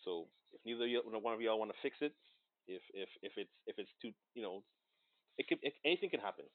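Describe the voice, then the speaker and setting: A man with a low voice joins the chat over a tinny, phone-like line with a dry sound. He speaks haltingly, stumbling and repeating words as he works out his point. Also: expressive, no echo. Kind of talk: casual chat.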